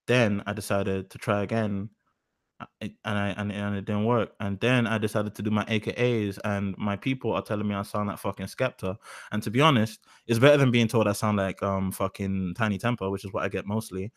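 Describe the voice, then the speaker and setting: A man's voice: lowish voice, fairly even intonation, brisk, no echo, studio quality. A young man in his twenties hosting a live stream, talking in a rambling, profane, self-mocking way on a cheap mic. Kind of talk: casual live stream chat. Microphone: cheap mic said to sound bad.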